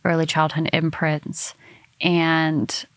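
A woman's voice: low-pitched, slow pace, smooth, dry recording. A woman guest who works in hypnotherapy, chatting casually and telling stories with lots of fillers and restarts. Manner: animated storytelling, many fillers and restarts. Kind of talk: casual conversation.

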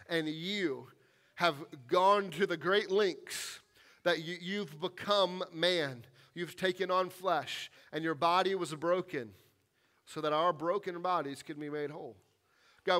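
A man preaching a sermon as a pastor in a church, earnest, slowing down for weight and dropping to a hush on key lines. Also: sits high. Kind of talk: sermon and closing prayer. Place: church sanctuary.

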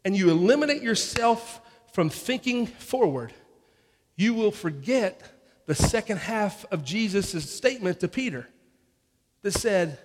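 High-voiced pastor preaching in a reverberant hall. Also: male voice. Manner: conversational preaching with repeated restarts and acted-out inner voices. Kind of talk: sermon.

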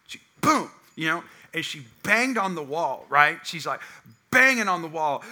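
A young man preaching a sermon, telling a personal story and swinging between loud acted quotes and hushed tones. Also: sits high, lively intonation, moderate pace. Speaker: pastor.

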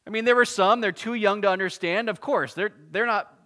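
A man preaching an expository sermon, reading scripture and explaining it in a casual, animated way with asides. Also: sits high, brisk. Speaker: pastor.

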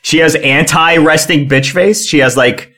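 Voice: mid-range voice, measured pace, sharp tone. A player at a tabletop game, joking and laughing with the others.

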